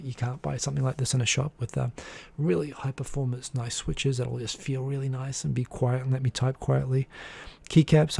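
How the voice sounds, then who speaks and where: Gravelly, husky man chatting casually. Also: mid-range voice, mellow, no room sound. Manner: rambling, restarts often, chuckles. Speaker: host of a weekly live show. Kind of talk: casual live-stream chat.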